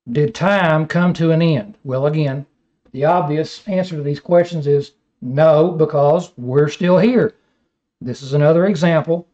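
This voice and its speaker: A man's voice: a little high, a little mellow. A man teaching a Bible study lecture, reading scripture aloud and then explaining it with rhetorical questions. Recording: dull lo-fi recording.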